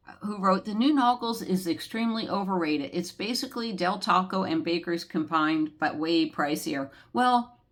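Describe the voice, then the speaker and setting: Chatty older woman reading viewer comments. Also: medium pitch. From United States. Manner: chatty, warm-hearted, rambling with many fillers. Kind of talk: casual chat.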